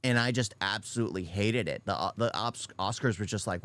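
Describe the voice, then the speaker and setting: A man's voice: lowish voice, fairly quick, a bit bright. Blunt, ranting man. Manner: blunt, repeats his points, frequent restarts. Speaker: YouTube reaction commentator. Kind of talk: unscripted rant reacting to a video.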